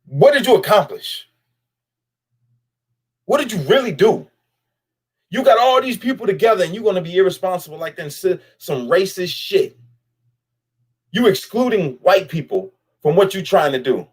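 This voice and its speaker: A vlogger with a high, slightly rough voice delivers blunt, profane commentary directly to camera. He speaks straight to the person he's criticizing, repeating lines for emphasis.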